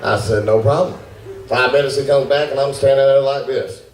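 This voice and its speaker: A man doing stand-up comedy, telling a fast, animated story and acting out his own panic. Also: mid-range voice. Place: comedy club with laughing audience. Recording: roomy, distant club recording with noise.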